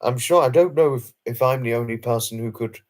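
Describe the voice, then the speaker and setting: Answering viewers' chat during a late-night live stream, this male host talks fairly quickly in a mid-range voice. He comes across as earnest, formal and effusive, frequently saying things twice and offering apologies.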